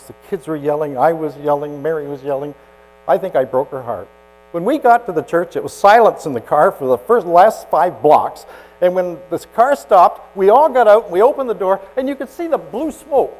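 A male pastor delivering a dramatic storytelling sermon. His voice sits slightly high and leaps around in pitch, swinging between loud emphasis and hushed asides. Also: rough recording.

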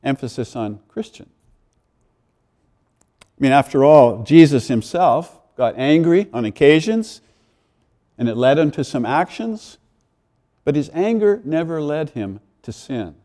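A man's voice: a little high, lively intonation, a little slow, pauses often, dark tone. A male pastor giving a conversational sermon, with friendly asides and the odd chuckle.

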